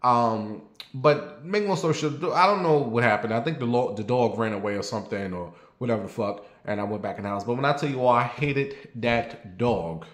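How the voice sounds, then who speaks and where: A man tells a rambling story straight to his viewers. He is blunt and swears freely, his voice sits at a middling pitch, and the room around him rings with echo. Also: a little fast. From New York. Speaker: vlogger. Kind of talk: casual storytelling monologue. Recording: roomy echo.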